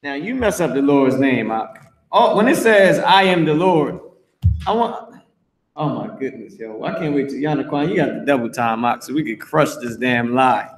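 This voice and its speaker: A man's voice: medium pitch, expressive, normal speed. A man reading scripture aloud and commenting on it in a brash, profane, mocking way, teaching an online class. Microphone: streamed voice chat.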